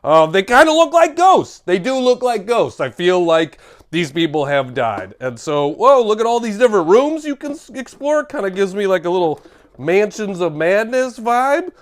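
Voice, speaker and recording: A man reviewing board games in a playful unboxing video. His voice sits high for a man and leaps around constantly, with gasps and exclamations as he riffs on what he finds. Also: moderate pace. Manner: animated, jokey, gasps and exclaims. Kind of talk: comedic unboxing vlog.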